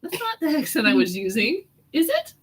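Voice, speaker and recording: A woman with a high voice and huge pitch swings speaks at a normal pace while hosting a casual live doodling chat. She teases her kid and reads viewer comments as she draws, and the recording is rough.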